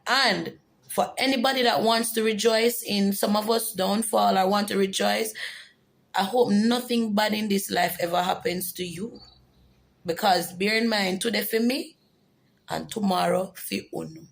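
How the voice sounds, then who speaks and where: Gravelly woman, earnest vlog testimony. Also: mid-range voice, a little slow, low-quality recording. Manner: earnest, emotional, insistent. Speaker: vlogger. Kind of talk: personal testimony to camera.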